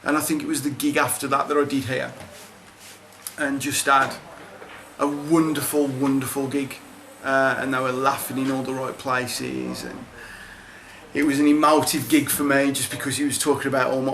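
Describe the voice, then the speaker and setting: A man's voice: mid-range voice, little pitch movement, normal speed, fairly bright tone, slight background noise, low-quality recording. A male comedian speaking reflectively and hesitantly in an interview.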